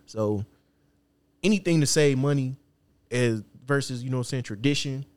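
A man's voice: medium pitch, normal speed, darkish tone, no echo. Opinionated man on a podcast, dry sound. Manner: opinionated, slangy, laid-back. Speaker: podcast co-host. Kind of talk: casual podcast banter.

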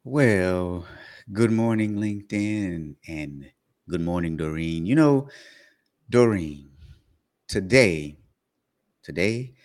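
A man with a low voice that swings widely in pitch co-hosts a relaxed morning stream. He jokes around and keeps throwing questions to his partner. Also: takes it slowly, long pauses. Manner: playful, joking, asks questions. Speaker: co-host. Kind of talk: casual live-stream chat.

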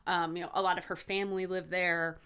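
A woman's voice: fairly low pitch, level tone, a little fast, clear, resonant tone. A young woman co-hosting a podcast in casual chat, rambling into tangents and laughing often. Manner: chatty, laughs often, warm teasing tangents. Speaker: podcast co-host.

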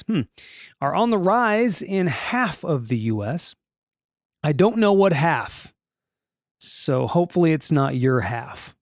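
Solo podcast host, male, slightly high voice with a lot of movement, jokey and rambling, dry close recording. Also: no room sound. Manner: jokey, rambling asides, restarts and mispronunciations. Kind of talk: casual solo podcast, reading daily trivia and news.

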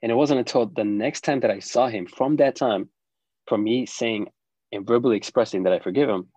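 A middle-aged man telling a personal story as an interview guest, reflective and halting, with frequent restarts. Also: mid-range voice, a little mellow, no room sound, poor audio.

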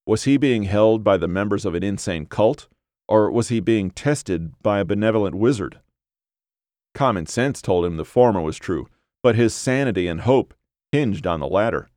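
Guy reading a novel aloud, lowish voice, super dry close mic. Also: expressive, moderate pace, darkish tone, no room sound. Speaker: narrator. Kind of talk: audiobook narration.

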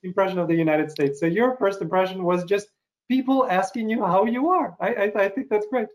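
A man from Russia hosting an interview, talking in a relaxed, hesitant way with many fillers. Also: sits high, brisk. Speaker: host. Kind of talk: interview conversation.

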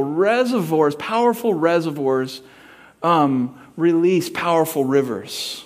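A man's voice: fairly high pitch, unhurried. A middle-aged man preaching a sermon, telling a personal story with acted-out voices and sound effects. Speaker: pastor.

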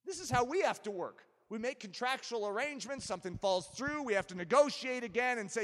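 A man preaching an impassioned sermon as pastor, building to forceful emphasis. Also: very high-pitched, expressive, a little fast, hardly any pauses, long reverb tail.

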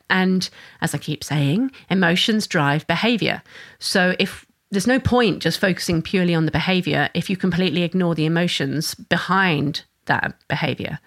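A mother and parenting educator giving an earnest, flowing solo talk, often restarting her sentences. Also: fairly low pitch. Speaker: mother of a young son.

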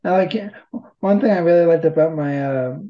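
A man's voice: fairly high pitch, moderate pace, muffled recording. A man talking casually as an interview guest, rambling and poking fun at himself. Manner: rambling, self-deprecating humor. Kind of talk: casual conversation.

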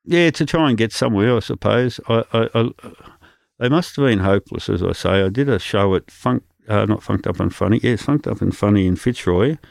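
A man's voice: on the low side, expressive, brisk, creaky, no echo, studio quality. An Australian man, a comedian, telling anecdotes in a casual interview and acting out other people's lines. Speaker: comedian guest.

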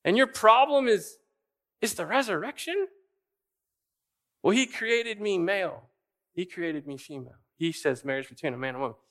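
A man's voice: high voice, animated, normal speed, long pauses, a bit bright. A man preaching a sermon, asking rhetorical questions and repeating key phrases for emphasis. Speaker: pastor.

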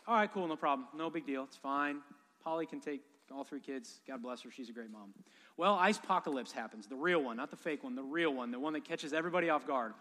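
A man's voice: mid-range voice, quick pace, pushed and bright. A man in his thirties preaching a sermon, telling stories with humor and animation. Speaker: pastor. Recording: long hall reverb.

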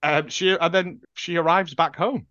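A man's voice: fairly high pitch, fairly even intonation, normal speed, pushed and bright, no echo. A man co-hosting a casual film-review chat, jokey and swearing, acting out scenes in quoted voices. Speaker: podcast co-host. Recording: dull lo-fi dry sound.

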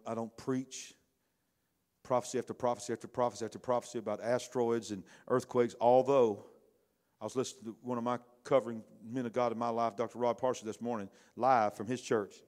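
A middle-aged pastor, preaching in a conversational style that swings between loud bursts and hushed asides. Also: male voice, mid-range voice. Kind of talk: sermon.

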